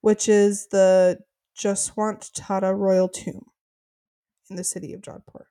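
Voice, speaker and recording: A woman's voice: mid-range voice, flat delivery, slow pace, mellow. A woman co-hosting a podcast, chatting casually and laughing as she recaps a reality show. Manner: chatty, laughing, lots of fillers. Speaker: podcast co-host. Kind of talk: casual rewatch chat.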